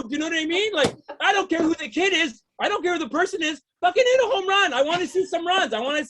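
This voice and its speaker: A man's voice: very high-pitched, sing-song, fast, few pauses, sharp tone. A man doing a stand-up routine, ranting in exasperation, swearing often and keeps asking the crowd if they know what he means. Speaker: stand-up comedian.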